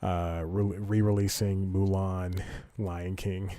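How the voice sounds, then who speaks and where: A man's voice: sits low, flat delivery, takes it slowly, warm tone, no echo. A man hosting a comedy podcast, rambling through news stories in a casual way, correcting himself often and reading articles aloud. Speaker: podcast host.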